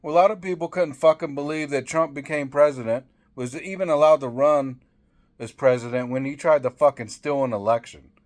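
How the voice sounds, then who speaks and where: A man's voice: a little high, fairly quick. A man ranting angrily about politics, swearing constantly and tripping over restarts. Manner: profane, heated, repetitive stammering restarts. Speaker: political commentator. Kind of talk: angry political rant to camera.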